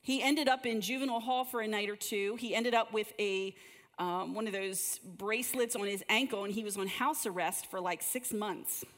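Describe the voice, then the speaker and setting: A woman's voice: medium pitch, moderate pace, fairly bright tone. A woman leading a church group session, praying and telling stories in a conversational way, often repeating words as she starts a sentence. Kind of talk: conversational church teaching with prayer. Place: large room with a gathered group. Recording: long hall reverb.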